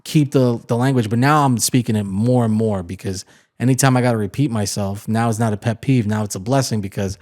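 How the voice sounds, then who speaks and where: A man's voice: lowish voice, darkish tone. Chatty agreeable man on a podcast. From Puerto Rican heritage. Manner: chatty, agreeable, quick to chime in. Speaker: podcast co-host. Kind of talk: casual chat.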